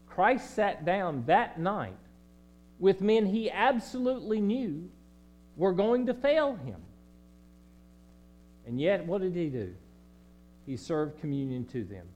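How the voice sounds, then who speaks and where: High-voiced Southern preacher with mains hum. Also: male voice, big pitch swings, slow, long pauses. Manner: dramatic swings between loud emphasis and quiet low delivery. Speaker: pastor. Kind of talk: sermon. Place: church sanctuary.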